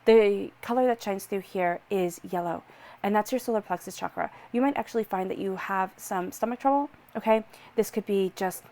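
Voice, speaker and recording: A woman's voice: mid-range voice, dark tone. A woman giving a personal tarot reading in a soothing, reassuring way. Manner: soothing, reassuring, drawn-out repetitions. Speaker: tarot reader.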